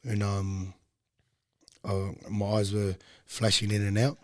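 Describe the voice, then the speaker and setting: A young man, a podcast guest, casually telling a long personal story in a low-key, rambling way with frequent ums. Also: flat delivery, takes it slowly, no room sound, clean studio sound.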